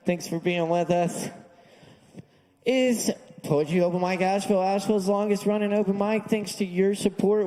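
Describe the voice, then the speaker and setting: A man hosts an open mic in a bar. He speaks in a high voice and takes a laid-back, hesitant pace full of fillers. A long reverb trails each phrase. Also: darkish tone. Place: bar stage. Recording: live room with long reverb.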